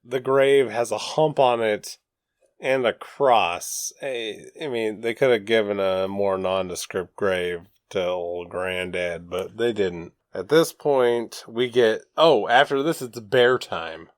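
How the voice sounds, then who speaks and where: A man's voice: lowish voice, slow, dry recording. A man co-hosting a podcast, casually recapping a film plot step by step and laughing easily. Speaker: podcast co-host. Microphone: studio microphone.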